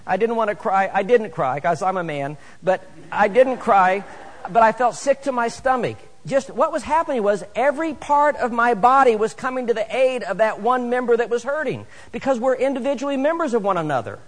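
A middle-aged man preaching a sermon to his church, animated and rising to emphatic exhortation. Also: high voice, moderate pace. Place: church sanctuary. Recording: echoey church hall.

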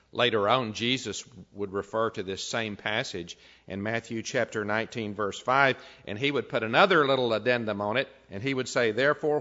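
A man's voice: medium pitch, a bit bright. A man preaching a sermon, reading scripture aloud and then building into emphatic preaching. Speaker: pastor. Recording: dull lo-fi recording.

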